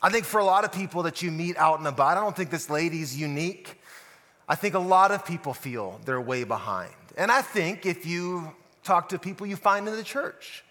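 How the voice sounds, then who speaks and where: A man's voice: a little high, lively intonation, normal speed, bright, forceful tone, big-room sound. A man preaching a sermon as a pastor, telling a story and asking listeners rhetorical questions. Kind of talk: sermon podcast.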